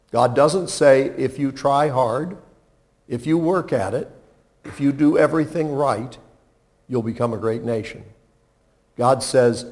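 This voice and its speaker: Preaching a little slowly, a pastor keeps his sermon expressive and conversational, frequently questioning the congregation. His delivery moves between quiet low passages and loud, emphatic high points.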